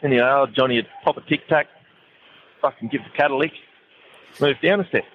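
A man tells a crude joke quickly, swearing all the way through. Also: medium pitch, narrow, tinny audio, slight background noise. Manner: crude, rapid-fire, swearing constantly. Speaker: caller. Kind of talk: joke-telling voice message.

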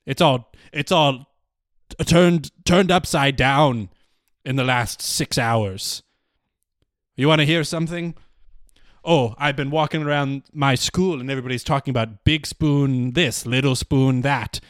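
A man's voice: medium pitch, unhurried, dry recording, studio quality, natural voice. A man doing a flustered eleven-year-old boy comic. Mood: indignant. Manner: flustered, stammering.

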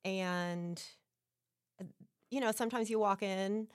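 A woman's voice: medium pitch, fairly even intonation, takes it slowly, no room sound, studio quality. A middle-aged woman, a realtor and home stager, telling personal stories in casual interview chat, earnest and emotional, with lots of fillers.

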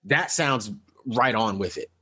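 A man's voice: on the low side, animated, unhurried, pushed and bright, husky. Rambling man chatting about a movie. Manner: rambling, many restarts and fillers. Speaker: podcast co-host. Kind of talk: casual movie review chat.

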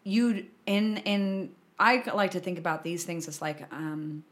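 A woman's voice: on the low side, a little slow. A woman who fights, chatting frankly in a casual podcast conversation and swearing freely.

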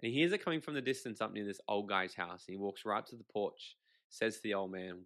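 A man, a podcast guest, telling stories in a lively conversational way, swearing casually and acting out quotes. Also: on the low side, fast talker. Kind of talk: animated conversational storytelling.

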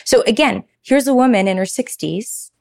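A woman, a pilates teacher telling stories as a guest in a casual podcast interview, animated and chatty with many fillers. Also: fairly high pitch, normal speed, vocal fry. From Toronto, Canada.

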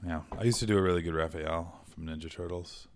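A man's voice: low voice, fairly even intonation, fast talker, vocal fry, a little hiss or hum. A man co-hosting a podcast in casual, joking banter, goofing around and trying silly voices. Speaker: podcast co-host.

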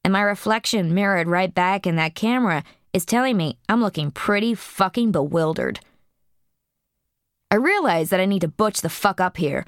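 A woman's voice: mid-range voice, expressive, moderate pace, clear, resonant tone, no echo, clean studio sound. A woman narrating an audiobook in a blunt, profane first-person voice.

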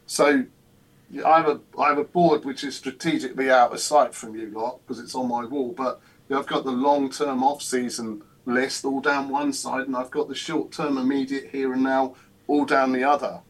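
A man's voice: medium pitch, fairly even intonation, moderate pace. A man with an English accent, a football club chairman, talking casually and at length with many hesitations and repeated words. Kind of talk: casual chat.

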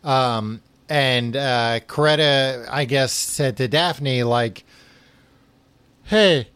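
A man's voice: mid-range voice, fairly even intonation, takes it slowly, fairly bright tone, clean tone, no room sound. A man hosting a book podcast, recapping chapters in a rambling, filler-heavy way while tired and yawning. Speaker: podcast host. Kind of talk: casual book recap chat.

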